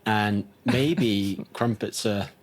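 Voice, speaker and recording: A man's voice: fairly low pitch, very slow, slightly rough. A man co-hosting a health podcast, a scientist who teases his co-host in a dry, wry way. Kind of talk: casual podcast banter and scripted intro.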